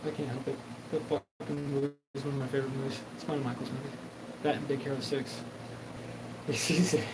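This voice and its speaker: A man's voice: mid-range voice, little pitch movement, quick pace, heavy background noise. A man hosting a solo show, talking in a rambling, profane monologue and acting out quoted back-and-forth exchanges. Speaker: host.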